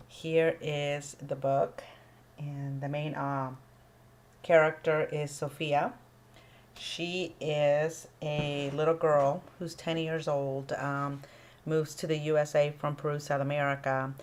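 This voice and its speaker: A woman with a notably low-pitched voice talks casually to her viewers about publishing. She speaks as an author and small publisher, in an easygoing, unhurried way. She often stops to say um before she goes on. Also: flat delivery. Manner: unhurried, with frequent ums and pauses. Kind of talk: casual informational talk to camera.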